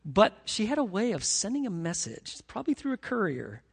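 A man preaching a sermon as pastor, emphatic and animated, reading scripture dramatically. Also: sits high, brisk, gravelly, slightly rough, big-room sound.

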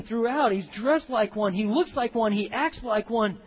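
A man preaching an expository sermon as pastor, emphatic, swinging between hushed and loud delivery. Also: high voice, normal speed, hardly any pauses, slightly rough. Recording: reverberant hall, dull lo-fi sound.

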